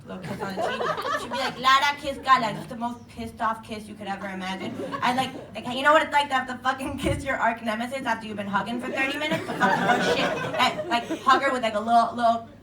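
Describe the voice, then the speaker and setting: A woman's voice: fairly high pitch, quick pace, hardly any pauses. A young woman doing an open mic stand-up set, telling a loose, profane story and laughing often. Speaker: stand-up comedian. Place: small bar stage with a live audience. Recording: echoey bar room, far mic, crowd laughter. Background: audience laughter and room noise.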